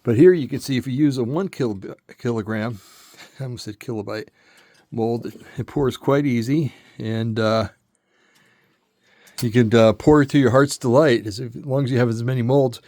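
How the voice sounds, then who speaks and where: A man's voice: mid-range voice, moderate pace, a little mellow, no echo, clean studio sound. Older man rambling through a demo. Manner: rambling, self-correcting, lots of fillers. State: a little out of breath. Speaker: metal casting hobbyist showing a tool. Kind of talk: casual demonstration.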